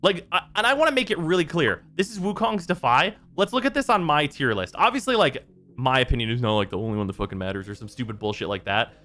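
A man's voice: on the high side, fast talker, soft background music. A man hosting a gaming stream, ranting in casual chat with lots of swearing. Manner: exasperated, swearing, animated rants. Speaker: streamer host.

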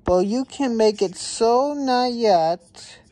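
A woman voicing a calm, encouraging male jungle chief in a storybook, speaking gently and coaxingly. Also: fairly high pitch, takes it slowly. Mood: coaching.

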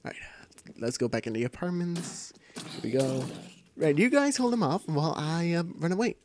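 Excitable gaming man, lively voice. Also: on the high side, normal speed. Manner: excitable, repeats short calls. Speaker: gamer. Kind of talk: live gameplay commentary. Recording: noisy home recording.

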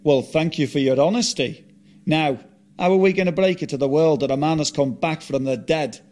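A man's voice: fairly high pitch, normal speed, a little mellow, lightly acted. A man doing a rueful impression of a famous late singer. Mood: downbeat. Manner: dry, self-mocking quips. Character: resurrected famous singer, male musician, rueful and wry.

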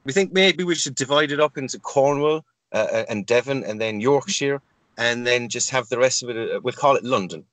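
A man co-hosting a comedy podcast, improvising absurd claims in a mock-authoritative, deadpan way. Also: mid-range voice, a little fast.

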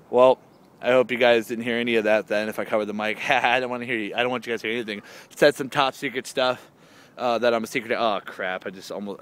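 Rambling goofy man vlogging outdoors. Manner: goofy, rambling, talks to his cat in a high excited voice. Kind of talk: casual rambling vlog. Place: outdoors in a yard.

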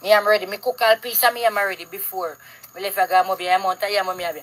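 A Jamaican woman ranting outdoors in a yard, loud, heated and full of curses, recorded on a phone. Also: medium pitch, steady tone, quick pace, low-quality recording. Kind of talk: angry street rant to camera.

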